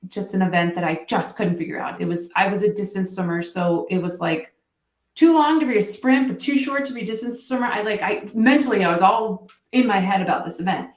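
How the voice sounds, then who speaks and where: A woman talking as a coach and interview guest, telling stories in a lively way and acting out quoted dialogue. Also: mid-range voice, reverberant, distant mic. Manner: animated storytelling, quick restarts, acts out quoted dialogue. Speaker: mental performance coach, guest. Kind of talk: casual interview conversation.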